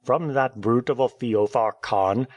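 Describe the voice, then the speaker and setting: A man's voice: medium pitch, unhurried, a little mellow, dry recording, muffled recording, close to an everyday voice. A man reading an audiobook, voicing a wounded, stubborn male English journalist in a terse, reserved way.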